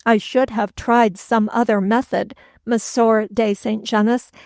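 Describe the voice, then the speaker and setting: A woman playing an unflappable English gentleman in a storybook reading, cool and lightly sarcastic. Her delivery is slow and even, the pitch held flat on a somewhat high voice. The sound is dry and close. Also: no room sound. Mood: calmly mocking. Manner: cool, unperturbed, mildly mocking.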